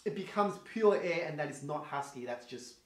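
A man teaching a singing lesson in a quick, chatty coaching manner, demonstrating with vocal sounds. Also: a little high, expressive. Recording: roomy echo, faint guitar behind.

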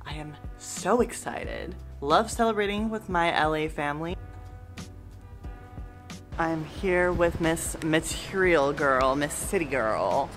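A woman's voice: low-pitched, expressive, slow pace. Young woman, casual vlog talk, playful, chatty, music in the background. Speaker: vlogger.

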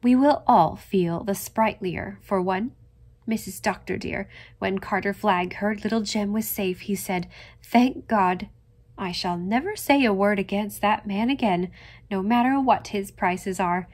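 A woman voicing a brisk, devoted housekeeper in a storybook reading. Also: mid-range voice, a little mellow, natural voice. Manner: brisk and homely.

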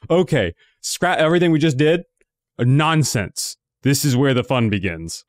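A man giving casual let's-play commentary, excitable and confused, talking to himself as he plays. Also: mid-range voice, normal speed, a little hiss or hum. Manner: excitable, confused, talks to himself while playing. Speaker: gaming video host.

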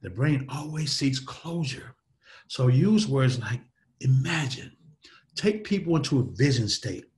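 A man giving a motivational talk in an interview, speaking in a dynamic, preacher-like way that swings between loud and soft. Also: medium pitch, expressive, measured pace. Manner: dynamic, preacher-like delivery with sweeping shifts in loudness.

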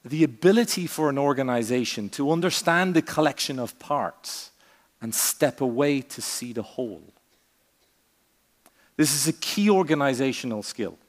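A man giving a conference keynote speech on a stage, with a theatrical, varied delivery, long pauses and punchy asides. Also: medium pitch, long reverb tail. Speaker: keynote speaker.

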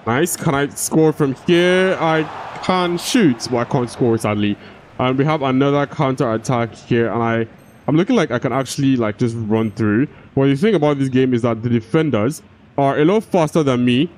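A man's voice: mid-range voice, a little fast, a little mellow, a little hiss or hum. A young man giving casual gameplay commentary, often frustrated, swearing and restarting his sentences. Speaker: gaming YouTuber.

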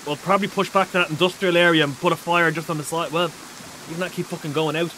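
A man streaming a survival game, chatting excitably with a teammate and shouting out viewers' chat messages. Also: a little high, fast, slight background noise, low-quality recording. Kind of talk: casual gaming livestream chat.

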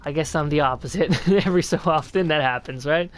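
A man's voice: fairly high pitch, a little hiss or hum. A young man giving casual gaming commentary, offhand and self-mocking, swearing freely as he plays. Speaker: let's player.

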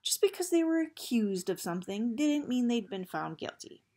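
A woman reading a novel aloud in a steady storytelling manner. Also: a little high, moderate pace. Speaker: audiobook reader.

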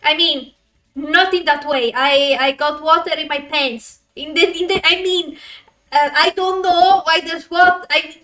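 A woman streamer chatting casually with her viewers while she plays, excitable, laughing often and swearing when frustrated. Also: high-pitched, unhurried, far from the mic. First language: Italian. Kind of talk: casual live-stream chat while gaming.

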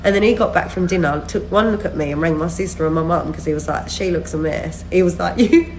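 Chatting quickly to camera in a lowish, slightly mellow voice, this vlogger in her thirties rambles and laughs mid-sentence while telling followers how drained she is after being ill. The phone audio is poor, with slight background noise.

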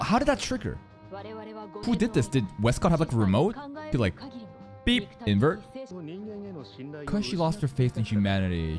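A man reacting to an anime episode. His pitch swings wildly from low mutters to high yelps as he blurts out loud excited outbursts and swears casually. Music plays clearly beneath his voice. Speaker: anime reaction channel host. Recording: music playing in the background. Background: music under the voice.

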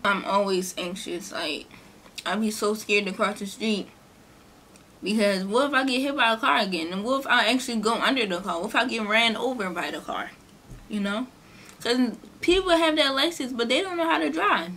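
Chatty young woman telling a story. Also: moderate pace. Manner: chatty, animated, acts out quotes in a higher voice. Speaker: vlogger. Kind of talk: casual storytime during a mukbang.

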